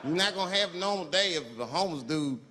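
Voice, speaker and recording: A male stand-up comedian telling a profane story in an animated way, acting out the people in it, recorded live with audience laughter. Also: a little high, fast talker, background noise. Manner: profane, animated, acts out characters. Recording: live in a reverberant hall with crowd laughter.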